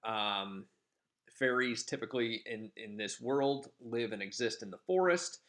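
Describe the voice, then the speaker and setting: A man's voice: mid-range voice, a little slow, a bit bright. A male teacher giving a casual, rambling class lecture, full of filler ums. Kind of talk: classroom lecture summarizing a play.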